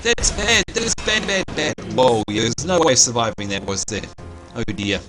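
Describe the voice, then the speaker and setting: A man, co-hosting a live game stream and chatting excitedly to viewers. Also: medium pitch, normal speed. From New Zealand. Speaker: livestream co-host. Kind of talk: live gaming commentary. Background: game music.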